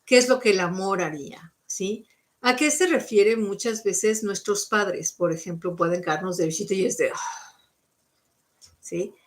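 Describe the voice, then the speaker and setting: A woman's voice: mid-range voice, a little fast. Woman giving coaching psychic readings. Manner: coaching, checks in with frequent "okay?"; switches between English and Spanish. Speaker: psychic card reader. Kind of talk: live-stream card reading and advice.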